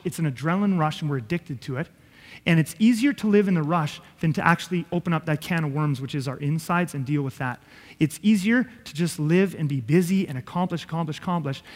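A man's voice: on the high side, in a large hall. A man preaching a sermon as pastor, earnest and conversational, with self-deprecating asides.

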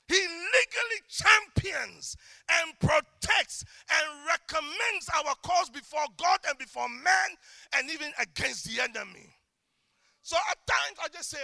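A middle-aged male preacher delivering an impassioned sermon, swinging between shouted declarations and quiet, intimate asides. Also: very high-pitched, expressive, a little slow, creaky, dry recording.

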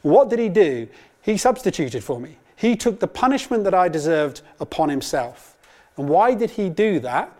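A man in his thirties teaches a Bible course in a sermon-like talk. His voice sits somewhat high for a man, and he tells personal anecdotes in an earnest, storytelling way. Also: sing-song, normal speed, mellow.

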